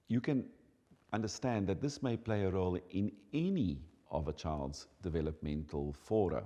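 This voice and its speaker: A man explaining child development in an emphatic, teaching manner. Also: low-pitched. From South Africa. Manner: animated, emphatic teaching delivery. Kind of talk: explanatory talk. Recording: long hall reverb.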